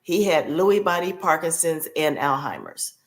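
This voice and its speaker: A woman's voice: sits low, lively intonation, moderate pace. A woman guest on a podcast, telling a personal caregiving story in a heartfelt way and repeating key phrases for emphasis.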